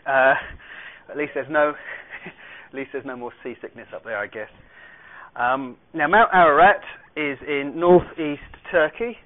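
A man's voice: on the high side, normal speed. Man teaching scripture over tinny audio. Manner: explanatory, reads scripture aloud, light asides. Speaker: Bible teacher. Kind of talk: Bible study teaching. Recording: tinny phone-like radio sound.

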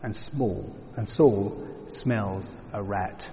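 A man teaching verse by verse through a Bible passage, reflective and explanatory, often dropping to a hushed tone for emphasis. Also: lowish voice, slow pace, slight background noise. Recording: dull reverberant hall sound.

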